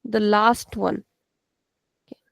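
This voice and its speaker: Woman, online teacher, patient, repeats words, gravelly, dry sound. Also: medium pitch, level tone, a bit bright, no echo. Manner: patient, explains slowly and repeats words for students. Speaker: Portuguese teacher. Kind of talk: live online class teaching.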